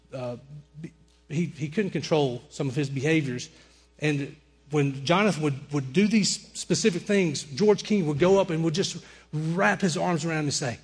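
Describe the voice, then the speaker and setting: A middle-aged man preaching a sermon, telling personal stories and softly quoting the people in them. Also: a little high, normal speed, slightly rough. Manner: storytelling preacher, quotes people in softer voices. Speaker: pastor.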